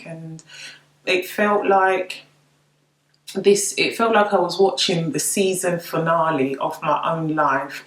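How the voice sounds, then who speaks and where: Slow, tearful woman. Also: lowish voice, roomy sound, rough recording. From United Kingdom. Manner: halting, repeats words, tearful. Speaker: bereaved mother sharing her story. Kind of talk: personal testimony to camera.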